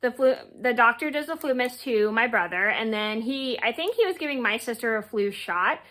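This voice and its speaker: A woman's voice: a little high, lively intonation, moderate pace, bright, forceful tone. A young woman telling a personal story to her viewers, rambling casually with many fillers and restarts. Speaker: vlogger.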